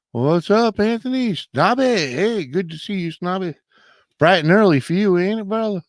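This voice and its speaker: A man's voice: high voice, lively intonation, a little slow, no room sound, clean studio sound. A man hosting a casual late-night live chat, laid-back and drawling, greeting viewers by name while coming down with a cold. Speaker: live stream host.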